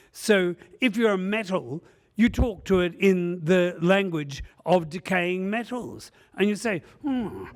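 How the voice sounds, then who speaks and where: A man giving a conference presentation, joking and rambling with many "uh" fillers. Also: high-pitched. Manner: humorous, rambling storyteller with frequent "uh" fillers. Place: conference session room.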